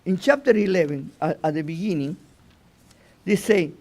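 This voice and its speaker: A man teaching an informal Torah lesson as a rabbi, halting and restarting his phrases and often asking "you know?". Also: high-pitched, animated, darkish tone.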